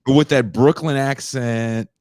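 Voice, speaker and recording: A man hosting a casual chat, animated and quick to slip into mocking voices. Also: mid-range voice, smooth, dry recording, studio quality. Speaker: podcast host.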